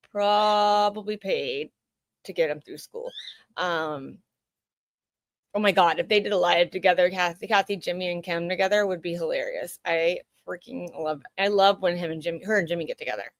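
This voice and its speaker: A woman's voice: medium pitch, fairly bright tone, no echo. Chatty woman streamer in a dry room. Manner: chatty, trips over words and corrects herself. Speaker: live streamer. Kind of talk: casual live commentary.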